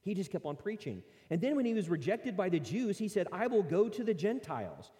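Preacher guy in a church hall, voice swings up and down a lot, kinda mellow tone, long echo. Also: high-pitched, fairly quick. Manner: animated, conversational preaching with scripture readings. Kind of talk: sermon.

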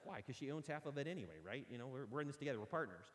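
A male pastor preaching a sermon as an animated storyteller who jokes with his listeners, recorded in a church sanctuary. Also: mid-range voice, very fast, hardly any pauses. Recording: long reverb of a large hall.

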